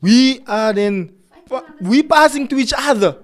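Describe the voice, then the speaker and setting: A man's voice: very high-pitched, measured pace. A man in casual chat who tells stories and acts out quarrels in different voices. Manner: animated storyteller, acts out quarrels.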